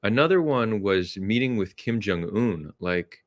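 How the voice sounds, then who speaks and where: A man with a lowish, animated voice speaks at a measured pace while hosting a podcast. It's a casual conversation, and he comes across as thoughtful and hesitant, restarting his sentences often.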